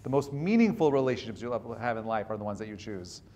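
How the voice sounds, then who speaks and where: A man's voice: lowish voice, lively intonation, fast, a little mellow, slight background noise. A man, a rabbi, teaching a conversational class in an earnest, direct way. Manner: earnest and direct, acts out quoted dialogue.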